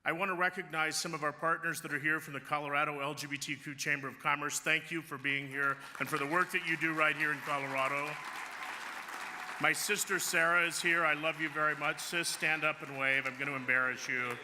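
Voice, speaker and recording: A man's voice: fairly high pitch, a little fast, a crowd in the background, noisy background. A man accepting an award at a gala, speaking with humor as a chamber of commerce leader. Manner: joking, lively public speaker. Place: large gala ballroom. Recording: reverberant hall sound.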